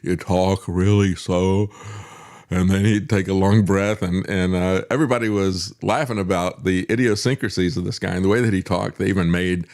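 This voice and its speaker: A man's voice: low voice, fairly even intonation, a little fast, creaky, hardly any pauses. An older man hosting a talk show, giving a sarcastic political monologue with chuckling asides and frequent "uh" fillers. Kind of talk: opinionated political commentary monologue.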